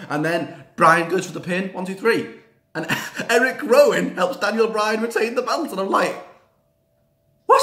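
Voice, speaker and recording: A man chatting casually in a fan reaction video, rambling with fillers and repeated words and breaking into excited cheers. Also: high voice, reverberant. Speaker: wrestling reaction vlogger.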